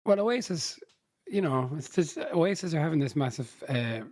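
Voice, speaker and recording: A man's voice: fairly high pitch, expressive, normal speed, darkish tone, no echo, clean studio sound. A man co-hosting a podcast, chatting casually and laughing often as he rambles through his points. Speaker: podcast co-host. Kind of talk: casual chat.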